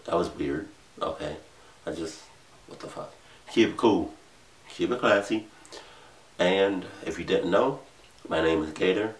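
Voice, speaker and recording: Young guy reacting to a clip, slow slangy talk, swears a bunch, echoey room far from the mic. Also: low-pitched. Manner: slangy, swears and apologizes, laughs a lot. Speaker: reaction video host. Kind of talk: casual reaction vlog.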